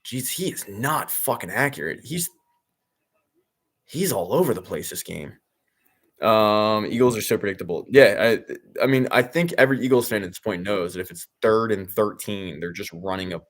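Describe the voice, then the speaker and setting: A man's voice: deep voice, a bit bright. Sarcastic, exasperated man reacting live. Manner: rambling with frequent fillers and restarts. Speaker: watch-along host. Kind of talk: live game-reaction commentary.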